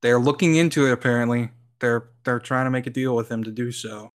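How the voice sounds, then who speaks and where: A man co-hosting a podcast chats casually and rambles, dropping lots of likes and ums and laughing often. His voice is mid-range, smooth, and fairly quick.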